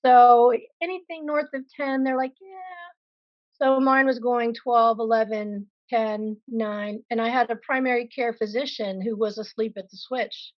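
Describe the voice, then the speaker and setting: A woman's voice: fairly high pitch, steady tone, moderate pace, hardly any pauses, no room sound, muffled recording. A woman being interviewed as a patient, speaking frankly and vividly about her own illness with self-deprecating asides. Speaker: patient sharing her story. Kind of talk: candid personal interview.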